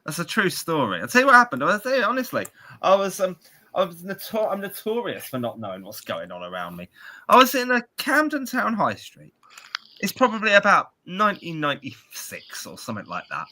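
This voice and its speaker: A man's voice: high voice, huge pitch swings, brisk, pushed and bright. A British man in his forties co-hosting a podcast, telling rambling, self-mocking stories in casual chat. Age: 40s. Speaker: podcast co-host.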